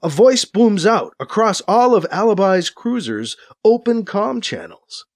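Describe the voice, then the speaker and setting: A man narrating a science-fiction radio drama with a clear storytelling delivery. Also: high voice, very animated, a little slow, no echo, clean studio sound.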